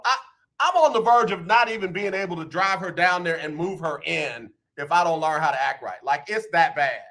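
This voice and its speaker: An animated radio host in his fifties with a high, bright voice. He chats casually and playfully with callers and listeners, repeating lines for emphasis as he goes. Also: brisk. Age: 50s. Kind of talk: casual radio talk, reading listener comments.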